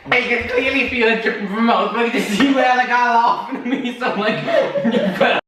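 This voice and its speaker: A woman's voice: a little high, brisk, fairly bright tone. A woman chatting casually and chuckling during a challenge video. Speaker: challenge player. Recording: roomy, distant, noisy.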